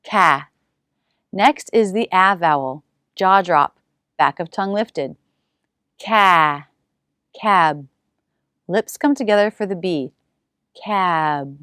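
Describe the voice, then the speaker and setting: Lady pronunciation teacher, stretches out each sound nice and slow, mid voice, super dry close sound. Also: mid-range voice, fairly bright tone, no room sound. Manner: slow, exaggerated demonstration of single sounds. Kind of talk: English pronunciation lesson.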